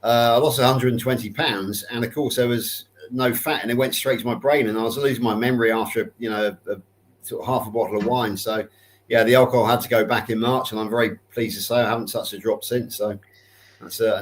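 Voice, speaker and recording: A man with a mid-range voice chatting on a podcast. He sounds upbeat and speaks at a measured pace, with a conversational feel. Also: medium pitch, fairly even intonation. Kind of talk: casual podcast chat.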